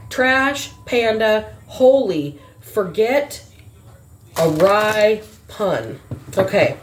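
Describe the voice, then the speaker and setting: A woman's voice: mid-range voice, a little hiss or hum. A woman doing a casual spiritual reading who muses aloud and spells words out letter by letter. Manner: musing, spells out letters slowly. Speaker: spiritual reader. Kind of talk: casual word-game reading.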